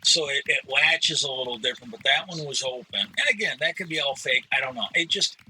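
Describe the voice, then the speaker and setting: A man's voice: mid-range voice, a little fast, pushed and bright, slight background noise, rough recording. A man streaming a game and telling a rambling, profane story with a lot of hedging. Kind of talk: casual storytelling while gaming.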